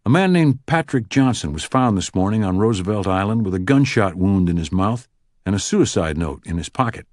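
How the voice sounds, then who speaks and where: A man voicing a gruff, sarcastic FBI supervisor in an audiobook, brisk and clipped. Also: fairly low pitch, animated, no room sound, clean studio sound, close to an everyday voice. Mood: sardonic. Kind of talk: audiobook character voice.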